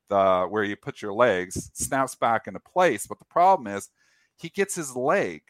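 A man's voice: mid-range voice, no room sound. A man hosting a show, casually telling a long funny anecdote and acting out the quotes. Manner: animated anecdote with acted-out quotes and restarts. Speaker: show host. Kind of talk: casual storytelling on a market show.

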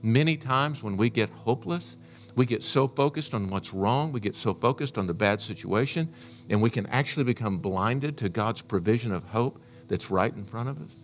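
A man's voice: mid-range voice, moderate pace. A man preaching a sermon, retelling a scripture story in an earnest, storytelling way. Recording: faint music underneath.

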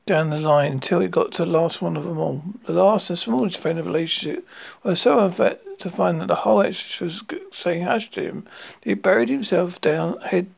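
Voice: medium pitch, creaky, slightly rough. A storyteller reading a children's storybook aloud, stumbling and restarting often. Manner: halting reading with frequent slips and restarts. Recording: dull lo-fi recording.

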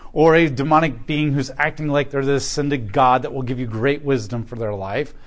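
A man teaching a Bible lesson in a sermon style, explaining scripture with emphatic delivery. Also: medium pitch. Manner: emphatic, rising and falling in loudness when reading scripture. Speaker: pastor teaching a Bible class.

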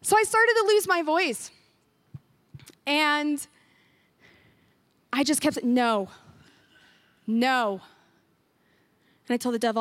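A woman pastor delivers an earnest sermon in a church. Her voice sits high, and she leans on repeated phrases to drive each point home. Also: slow, long pauses, fairly bright tone, dry recording. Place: church sanctuary.

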